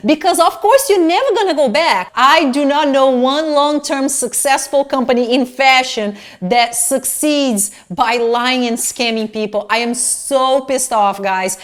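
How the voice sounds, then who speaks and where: Casting: middle-aged woman, somewhat high voice, fired-up and indignant, swearing loosely in a home vlog. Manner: animated, indignant, swearing freely. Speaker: fashion vlogger. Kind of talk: casual vlog rant.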